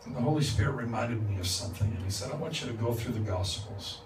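A man's voice: medium pitch, expressive, quick pace. Male preacher, conversational storyteller, distant mic, roomy church with background noise. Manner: conversational, acts out dialogue with laughs. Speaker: guest preacher. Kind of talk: storytelling sermon. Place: church sanctuary. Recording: echoey church from far off with noise.

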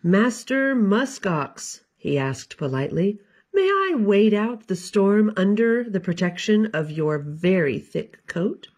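A woman's voice: mid-range voice, sing-song, slow pace, a little mellow. A woman voicing a polite male snowshoe hare asking for shelter in a storybook. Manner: polite, timid.

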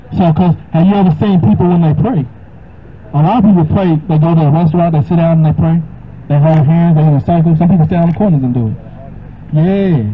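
A man answering a question with informal Bible teaching, talking casually and reading the verses aloud more slowly. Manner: casual, conversational, reads verses slower and higher. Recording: dull lo-fi recording with faint noise.

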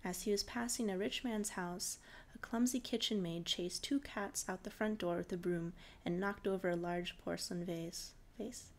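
A woman reading a short fairy tale aloud in a relaxed, informal way, laughing off her slips. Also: lowish voice, normal speed, hardly any pauses. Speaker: storyteller.

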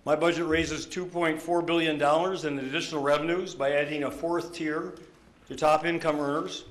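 A man giving a prepared budget statement at a news conference, measured and deliberate, stressing key words. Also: a little high, reverberant. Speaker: governor.

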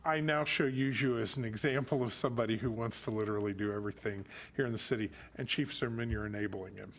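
A man's voice: fairly low pitch, fairly even intonation, quick pace. A middle-aged man speaking as a council member at a city meeting, folksy and joking as he addresses staff.

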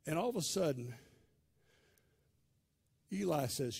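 A male pastor tells a scripture story from the pulpit with a raised, husky voice. His delivery is dramatic and storytelling, dropping from loud swells to hushed stretches. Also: fairly high pitch, a little slow. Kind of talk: sermon.

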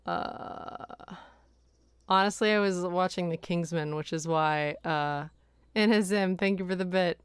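A woman's voice: fairly low pitch, slow pace, pauses often, clean tone, dry recording. A woman streaming from her room, chatting casually, laughing often and thanking viewers, her voice tired at the end of the day. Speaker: streamer and voice actor. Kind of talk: casual livestream chat.

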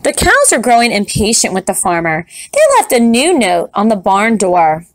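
A woman teacher reading a picture book aloud to young students in a gentle, encouraging way. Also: mid-range voice, very animated, normal speed, hardly any pauses. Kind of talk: children's read-aloud. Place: classroom recording setup.

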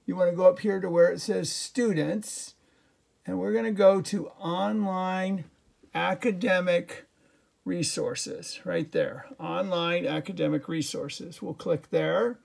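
Gravelly-voiced man teaching a class. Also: sits high, steady tone, slow pace, darkish tone. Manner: chatty, jokey, with many fillers and restarts. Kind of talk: recorded remote class lesson.

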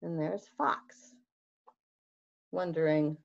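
Taking her time at a slow pace, a librarian performs a picture book for small children, voice rising and falling dramatically, with gasps and questions for her listeners. Her audio comes through muffled and low-fidelity, much like a video call.

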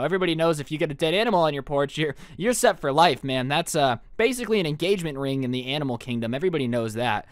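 A man's voice: fairly high pitch, a bit bright, no echo, studio quality. A young man telling a storytime vlog, with a joking, sarcastic manner. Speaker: storytime YouTuber.

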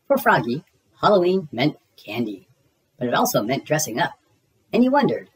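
A reader narrating children's picture books aloud in a lively storybook manner. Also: medium pitch, soft background music, rough recording. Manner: slow, lively storybook reading.

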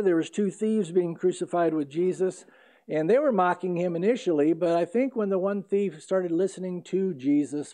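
A male pastor preaching an earnest expository sermon, pausing on fillers and correcting himself as he goes. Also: a little high, warm tone. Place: church sanctuary.

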